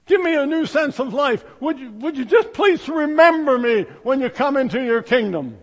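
A man's voice: very high-pitched, big pitch swings, moderate pace, long reverb tail, pitched above the performer's own voice, full character voice. A male preacher voicing a humble, dying male thief who pleads and repeats himself. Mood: pleading.

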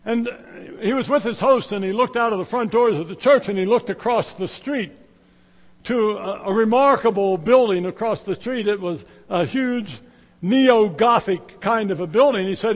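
A middle-aged man preaching a sermon, swinging between loud exclamations and hushed, slow lines. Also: sits high, long reverb tail.

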